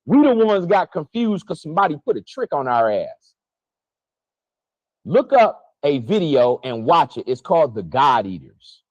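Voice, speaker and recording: A man delivering a heated, profane spiritual monologue to his viewers, preachy and emotional while fasting, his pitch swinging widely. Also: darkish tone, no echo, dull audio. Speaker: spiritual vlogger.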